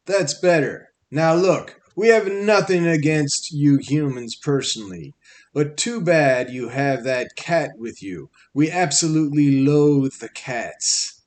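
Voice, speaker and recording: A man's voice: on the high side, slow pace. A man voicing a condescending male jackal army guard who scolds and lectures the prisoners in a raised, sarcastic tone in an audiobook. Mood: scornful. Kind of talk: audiobook character voice.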